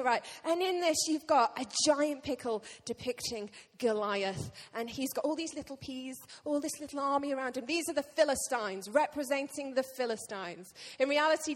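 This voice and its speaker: A woman pastor preaching a sermon to her church, lively and joking with the congregation. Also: high-pitched. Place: church hall. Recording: long reverb of a church hall.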